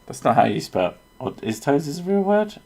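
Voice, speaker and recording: A man's voice: on the high side, big pitch swings, moderate pace, darkish tone. A man from England, joking and swearing in a casual chat as a streamer. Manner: joking, swears freely, slips into silly voices.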